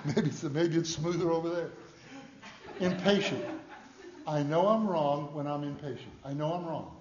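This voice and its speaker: Folksy high-voiced preacher, dull recording. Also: male voice, normal speed, background noise. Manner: folksy storytelling preacher, swings from loud to hushed. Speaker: pastor. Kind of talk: sermon.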